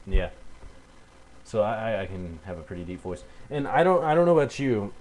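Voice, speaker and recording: A man's voice: lowish voice, sing-song, darkish tone, rough recording. Heated young man ranting at a webcam. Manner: irritated, heated, cursing, halting with fillers. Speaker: video blogger. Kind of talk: angry rebuttal rant to camera.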